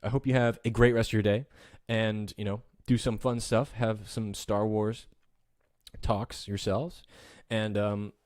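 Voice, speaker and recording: A man hosting a casual live-streamed fan podcast, chatty and enthusiastic, often pausing with fillers and restarting his sentences. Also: fairly low pitch, level tone, a little mellow, dry recording, studio quality. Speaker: podcast host.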